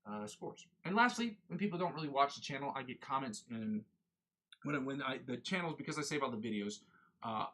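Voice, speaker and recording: Guy rambling on his guitar stream, talks fast, restarts his sentences a lot. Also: mid-range voice, animated, fairly bright tone. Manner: rambling, self-correcting, chatty. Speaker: livestream host, guitarist. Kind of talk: casual livestream chat.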